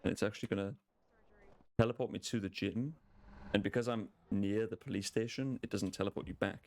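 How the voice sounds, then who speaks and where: A man's voice: lowish voice, fairly even intonation, fairly quick, a little mellow, a little hiss or hum. A man streaming a speedrun live, casually explaining strategy as he plays. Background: game music.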